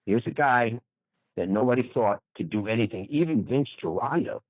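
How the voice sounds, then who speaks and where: Here an older American man, a retired pro bodybuilder appearing as a guest, gives an enthusiastic motivational interview and repeats phrases for emphasis. His voice is medium-pitched and expressive at a moderate pace. There's no echo, though the recording is low quality.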